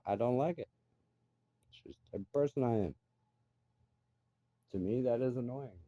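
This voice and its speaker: A man's voice: mid-range voice, moderate pace, long pauses, no room sound, highs cut off. A middle-aged man ranting bluntly and profanely in a casual monologue. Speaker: vlogger.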